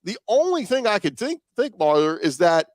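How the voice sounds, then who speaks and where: A man's voice: sits high, very animated, normal speed, no echo. A man co-hosting a sports podcast, making his case with lots of fillers. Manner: argumentative, filler-heavy. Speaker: podcast co-host. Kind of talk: casual sports chat.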